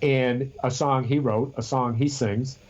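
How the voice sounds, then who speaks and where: A man's voice: mid-range voice, steady tone, a little slow, highs cut off. A man co-hosting a podcast in casual chat, rambling and telling stories with frequent restarts. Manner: rambling, restarts often, storytelling. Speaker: podcast co-host.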